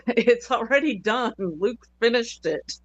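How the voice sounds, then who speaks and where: A woman's voice: fairly low pitch, no echo, lo-fi sound. A woman guest on a podcast, chatting in an easygoing way and laughing often. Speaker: guest songwriter. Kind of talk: casual chat.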